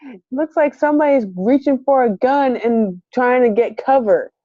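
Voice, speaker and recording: Animated woman telling a story, muffled. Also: high voice, normal speed, no echo. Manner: animated, laughing, acts out quotes. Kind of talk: casual chat, storytelling. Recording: muffled lo-fi, dry.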